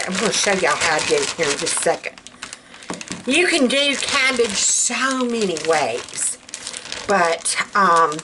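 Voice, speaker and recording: Chatty Alabama woman, lively voice. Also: medium pitch, slight background noise. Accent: Southern US, Alabama. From South Alabama, US. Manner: chatty and folksy, calls viewers girl and baby. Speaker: home cooking vlogger. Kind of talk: casual chat.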